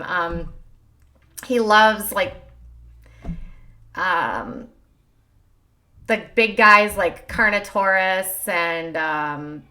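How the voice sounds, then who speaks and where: Brief: woman host, mid-pitch voice, chatty livestream commentary, quick and loose. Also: sharp tone. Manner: chatty, fast, heavy use of filler words.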